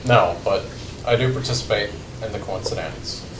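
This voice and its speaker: A teenage boy co-anchoring a school news show, making dry deadpan quips. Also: lowish voice, moderate pace, heavy background noise. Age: teens. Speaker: student co-anchor. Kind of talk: scripted comic banter.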